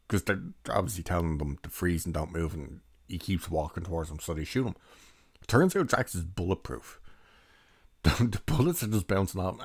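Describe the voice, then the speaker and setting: A young man with a low, deep voice talks through a film review in a loose, rambling way and chuckles as he goes. His voice is recorded close and dry, with no room sound around it. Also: vocal fry, dry recording. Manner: rambling, chatty, laughs while recounting. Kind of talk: casual spoken film review.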